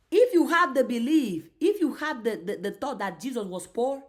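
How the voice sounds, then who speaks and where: A woman giving an emphatic motivational faith talk on a live stream, repeating herself and restarting lines as she goes. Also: fairly high pitch. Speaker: faith and mindset creator.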